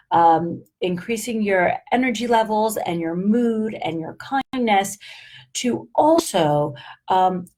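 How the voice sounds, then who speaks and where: A woman's voice: medium pitch, darkish tone. A middle-aged woman coaching viewers in a live motivational talk, upbeat and emphatic, checking in with "right?" and "okay?" as she goes. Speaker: life coach.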